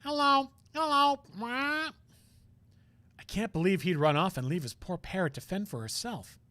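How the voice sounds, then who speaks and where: A man's voice: high-pitched, animated, moderate pace, pushed and bright, no room sound, voice pushed up. A man voicing a cheerful, eager young woman. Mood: sympathetic.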